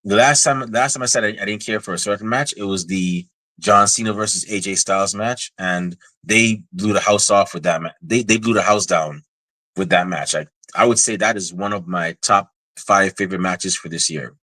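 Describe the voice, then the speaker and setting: A man with a fairly low voice hosts a casual podcast and talks through his predictions. He is animated and chatty, often restarting his sentences. The sound is dry, with no room echo. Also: normal speed. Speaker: podcast host. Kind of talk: casual wrestling predictions chat.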